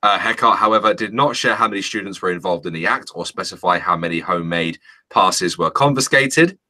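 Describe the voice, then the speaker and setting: Reading news stories aloud on a casual chat show he co-hosts, a man from Britain jokes around, swears casually and laughs often. He has a deep, sharp-toned voice and speaks fairly quickly.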